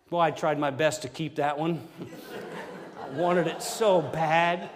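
A middle-aged man preaching a sermon, telling stories in a folksy, animated way with frequent exclamations. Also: on the high side, a little slow, long reverb tail. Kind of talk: storytelling sermon.

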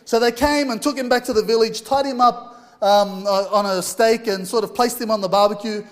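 A man's voice: sits high, fairly even intonation, fairly quick. A man preaching a sermon in an informal, earnest way, telling a story with fillers. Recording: long hall reverb.

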